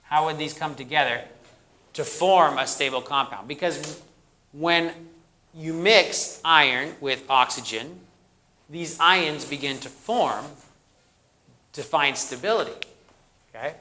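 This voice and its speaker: A man lecturing a university class with a very bright, ringing voice, pitched a touch high. He quizzes the room and repeats their answers back, slipping in corny jokes. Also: slow, long pauses. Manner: jokey, plays up corny jokes. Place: lecture hall.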